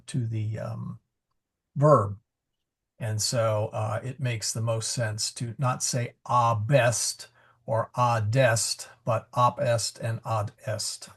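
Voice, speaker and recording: A man's voice: lowish voice, gravelly, breathy edge. A man teaching Latin pronunciation in a live class over a video call, patiently explaining and correcting himself as he goes. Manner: patient, explanatory, self-correcting with frequent fillers.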